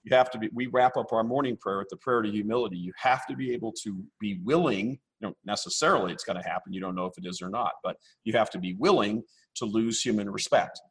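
A man speaking as a podcast guest, blunt and forceful, repeating himself as he rambles. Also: on the low side, quick pace, hardly any pauses, breathy edge. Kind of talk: casual interview.

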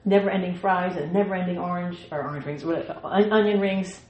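A woman's voice: on the low side, steady tone, brisk, highs cut off. A woman teaching a Bible study in a playful way, with laughing asides and her own sound effects. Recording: echoey room.

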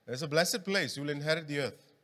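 A man's voice: on the high side, fast talker, a bit bright. A man preaching a sermon in a church hall, talking casually and quizzing the congregation. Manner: conversational, engaging the congregation with questions. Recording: long hall reverb.

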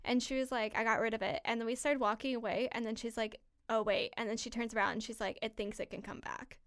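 A young woman chatting on a podcast, her voice smooth and a touch high. She tells her story in an animated, loose way, full of "like" and the odd curse. The sound is dry and close. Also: fast talker, no room sound. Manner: animated, swearing, heavy use of "like". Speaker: podcast host. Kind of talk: casual storytelling chat.

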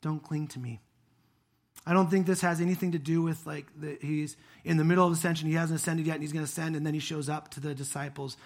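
Animated, fairly high-voiced male preacher. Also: fast talker, few pauses. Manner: conversational, animated, rising to emphatic peaks. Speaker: pastor. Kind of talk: sermon.

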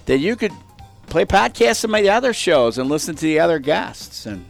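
Gravelly middle-aged male podcast host. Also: a little high, big pitch swings, moderate pace, soft background music. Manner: rambling, storytelling, many restarts. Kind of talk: casual interview chat.

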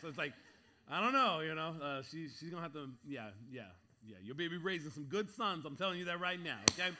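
A man preaching to a congregation, telling a story in an animated way, acting out voices and laughing between lines. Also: on the high side, normal speed. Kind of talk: sermon storytelling.

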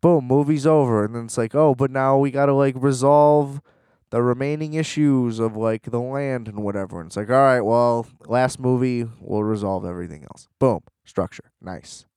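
A man's voice: medium pitch, normal speed, a little mellow, clear, resonant tone, dry recording, studio quality. A young man in a rambling, sarcastic casual rant, full of fillers and restarts.

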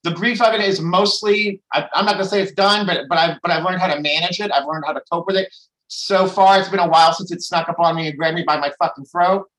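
A man's voice: high-pitched, fairly even intonation, quick pace, a bit bright, low-quality recording. A man sharing candidly at a recovery meeting, rambling with restarts and frequent swearing. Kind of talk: candid personal share.

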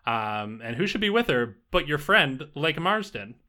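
Casting note: a game master with a bright tone who rambles in a loose, easy way. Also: male voice, on the high side, sing-song, measured pace. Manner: loose, rambling, with many fillers. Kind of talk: narrating a tabletop game.

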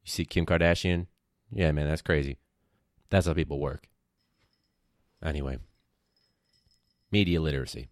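A man's voice: rumbling low, moderate pace, pauses often, no room sound, studio quality. A male teacher hosting his own podcast, rambling wryly in casual chat with slang and the odd swear word.

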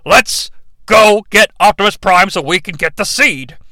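A man's voice: high voice, unhurried, pushed and bright, no echo. A man mocking a smug, scheming executive.

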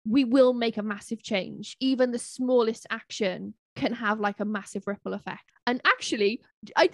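A woman co-hosting a podcast, her voice sitting a little high as she talks in a chatty, impassioned, rambling way. The sound is close and dry, with no room around it. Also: dry recording. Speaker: podcast co-host. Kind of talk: casual podcast chat.

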